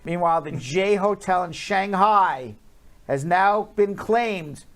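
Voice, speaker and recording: A man's voice: high voice, takes it slowly, a bit bright. Guy reading news headlines, cracks little jokes in between. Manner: reads headlines with joking asides. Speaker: news segment host. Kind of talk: casual news chat.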